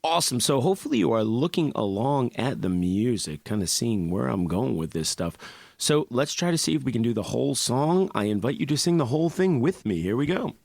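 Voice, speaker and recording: A man's voice: medium pitch, big pitch swings, brisk, vocal fry. A man teaching an online music class, playful and upbeat, mixing sung lines with spoken explanation. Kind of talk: online music lesson with singing.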